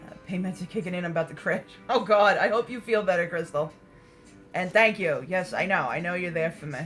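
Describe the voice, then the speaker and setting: A woman's voice: lowish voice, fairly quick, fairly bright tone, faint music behind, poor audio. A woman hosting a casual livestream, answering viewer comments in a candid, blunt way, swearing freely and laughing often. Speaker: livestream host.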